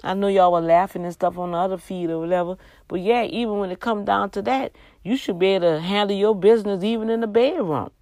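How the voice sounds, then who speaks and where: A woman's voice: medium pitch, fairly even intonation, darkish tone, no echo. Tired woman preaching on a livestream. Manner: exhorting, slow emphatic repeats. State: tired, yawning. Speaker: livestream host giving faith talk. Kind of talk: preachy casual livestream talk.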